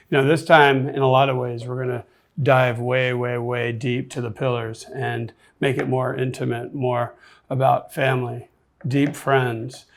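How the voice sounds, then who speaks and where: A man hosting a podcast, introducing the episode in an earnest, reflective way. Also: mid-range voice. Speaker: podcast host.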